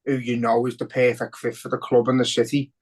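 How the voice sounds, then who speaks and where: A man's voice: mid-range voice, little pitch movement, brisk, poor audio. A man with a Liverpool accent co-hosting a podcast, talking bluntly and emotionally with lots of swearing. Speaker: podcast co-host. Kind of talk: casual podcast chat.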